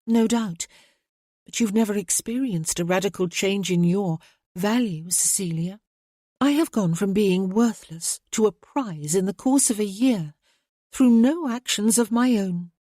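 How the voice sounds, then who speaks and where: Cynical young gentlewoman read by a woman, wry, reflective, dry recording. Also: medium pitch, measured pace, no echo, close to an everyday voice.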